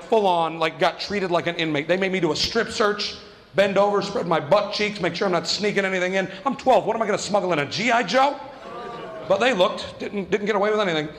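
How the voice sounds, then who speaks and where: A man doing stand-up comedy, telling a story fast and animatedly and acting out the voices of the people in it. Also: sits high, a bit bright, long reverb tail. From New Mexico.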